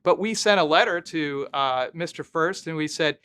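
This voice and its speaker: A man's voice: a little high, moderate pace, fairly bright tone, clear, resonant tone. A former mayor, a man, telling candid stories as a guest in a conversational interview. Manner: candid, anecdotal, thinking aloud.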